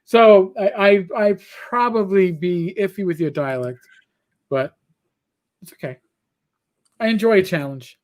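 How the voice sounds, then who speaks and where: A middle-aged man with a notably high voice chats casually on a livestream. He tells long, meandering stories, swears freely and restarts his sentences often. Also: a little slow, long pauses, a little mellow. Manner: rambling storyteller who swears and restarts a lot. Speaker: livestream co-host. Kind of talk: casual chat.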